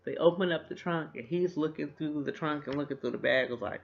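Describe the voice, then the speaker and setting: A man's voice: on the high side, fairly even intonation, quick pace, few pauses. A man casually recapping a TV episode, animatedly retelling scenes and acting out the characters' lines. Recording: dull lo-fi recording.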